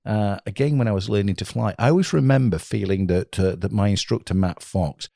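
A man's voice: lowish voice, brisk, vocal fry, mellow, no echo, studio quality. A man hosting a casual chat, explaining with statistics and plenty of fillers.

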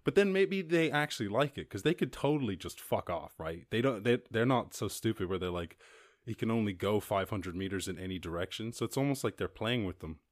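Irish male podcast host, deep-ish voice, rambling and profane, dry sound. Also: expressive, a little fast, no room sound. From Ireland. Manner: rambling, profane, jumps into high squeaky voices for quoted people and animals. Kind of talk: casual solo podcast chat reading news.

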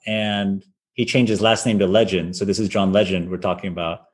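A man in his forties, a violinist guest telling anecdotes in a loose, animated way, with lots of "like" and acted-out quotes. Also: sits low, a little fast. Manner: animated, acts out quoted voices, many fillers. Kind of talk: casual anecdotal storytelling.

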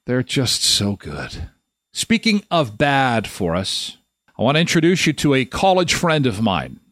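A man's voice: mid-range voice, fairly bright tone, dry recording, clean studio sound. A man in his fifties from Canada hosting a live daily talk show, rambling and joking as he tells stories. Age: 50s. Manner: rambling, jokey storyteller with quick asides. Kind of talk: casual solo talk show.

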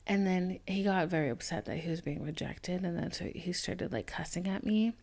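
A woman's voice: on the low side, normal speed, vocal fry, darkish tone. A young woman hosting a casual solo podcast, telling a candid, rambling story with lots of fillers and swearing. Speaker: podcast host.

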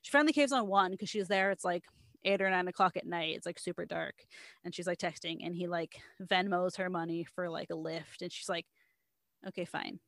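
Animated woman retelling a story. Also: lowish voice, fairly quick, no room sound, studio quality. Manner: animated storytelling, quoting others, frequent "like". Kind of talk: casual chat.

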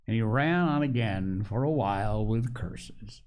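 A man narrating a classic adventure novel aloud in a slow, measured storytelling manner. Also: lowish voice, expressive, a little mellow. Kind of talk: audiobook-style narration.

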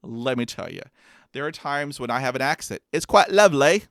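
A man's voice: medium pitch, fairly even intonation, a little fast, creaky, pushed and bright, dry recording, clean studio sound. A man who stutters, with blocks and repeated sounds, telling a self-mocking personal story and acting out quotes. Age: adult with a master's degree.

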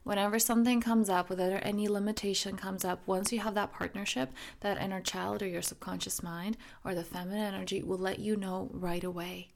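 A woman in her thirties hosting her own podcast, talking reflectively and softly, often dropping close to a whisper. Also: mid-range voice, steady tone, a little fast, creaky, few pauses. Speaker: podcast host and coach. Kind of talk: reflective solo podcast talk.

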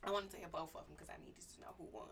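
A woman's voice: fairly low pitch, fairly even intonation, very fast, gravelly, a bit bright, a little hiss or hum. A woman, a mother and podcast guest, telling stories about her daughter in blunt, profane casual talk. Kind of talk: casual chat.

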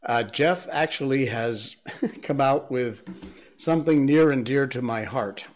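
A man from Connecticut hosting a casual talk show, chatty, laughing and filling pauses with "uh" and "um". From Connecticut, New England. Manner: coaxing his dog in a high playful voice, then chatty and laughing. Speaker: show host. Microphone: studio mic.

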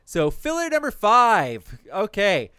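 A high-pitched young man chats casually on a podcast, recapping anime episodes. His storytelling is quick and animated, and he swears along the way.

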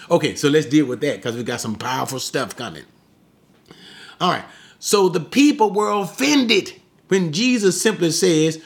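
A man teaching the Bible in a sermon style, emphatic, asking rhetorical questions and slowing down to stress quoted lines. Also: sits high, animated. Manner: slows down sharply to stress quoted words.

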